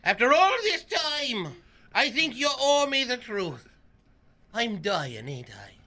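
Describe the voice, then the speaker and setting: A man's voice: very high-pitched, big pitch swings, slow pace, pushed and bright, full character voice. A man playing a cranky, dying old Irish man in a radio comedy skit, speaking in a put-on Irish accent and breaking into laughter mid-line. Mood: groaning.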